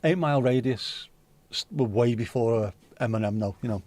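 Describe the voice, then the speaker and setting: A man's voice: mid-range voice, normal speed, a little mellow, no room sound. A man hosting a livestream, chatting casually and rambling while reading out viewer comments, with the odd swear word. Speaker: livestream host.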